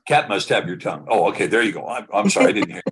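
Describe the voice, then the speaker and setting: A man with a low, husky voice hosts a live online talk show. He talks in a conversational way, giving opinionated commentary and building each point slowly and at length. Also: expressive, a bit bright. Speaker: host.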